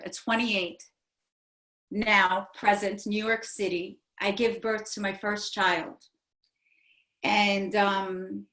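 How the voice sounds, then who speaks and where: A woman's voice: medium pitch, a bit bright. A woman in her forties, a guest in an interview, telling a personal story in an earnest, rambling way, with many fillers and restarts. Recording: echoey room.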